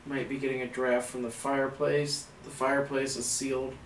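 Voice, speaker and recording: A man's voice: mid-range voice, level tone, normal speed. A man hosting a live paranormal investigation in an old house, talking casually with restarts and reading viewer comments aloud. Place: old house at night, indoors. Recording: roomy, distant, faint background noise.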